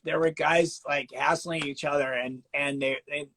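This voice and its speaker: A middle-aged man hosting a casual interview, telling animated stories, acting out quotes and laughing often. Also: on the high side, normal speed, rough recording. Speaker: host.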